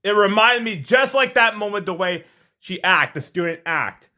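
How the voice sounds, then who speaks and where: A man's voice: high-pitched, normal speed. A man telling a story to his viewers in a rambling, repetitive way, ending with a moral and a sign-off. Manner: rambling, animated, repeats himself. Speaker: vlogger. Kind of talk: casual storytelling to camera.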